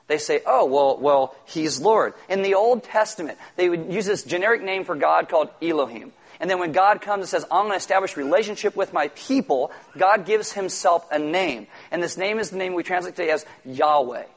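A man with a high voice preaching a sermon. He talks in an animated way, acting out quoted lines and at times shouting for emphasis. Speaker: pastor.

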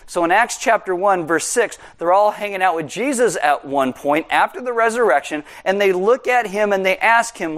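A man preaching a sermon as pastor, conversational and animated with jokey asides. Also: high-pitched, normal speed, hardly any pauses.

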